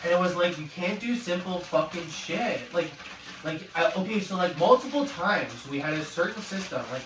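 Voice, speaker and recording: A man venting in a profane rant, swearing constantly and rising to angry shouts. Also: fairly high pitch, expressive, normal speed. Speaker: vlogger. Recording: echoey room, far from mic, noisy.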